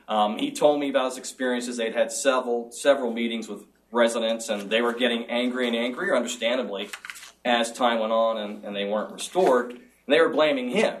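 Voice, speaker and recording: Earnest middle-aged man, distant mic. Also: mid-range voice. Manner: earnest and measured, with small restarts. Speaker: job candidate. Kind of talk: formal interview statement.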